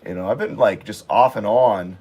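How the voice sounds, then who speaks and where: A sick man with a raspy voice, chatting casually and rambling with many fillers as he sets up to draw in his art vlog. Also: fairly low pitch, normal speed, a little mellow. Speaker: art vlogger. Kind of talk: casual chat while drawing.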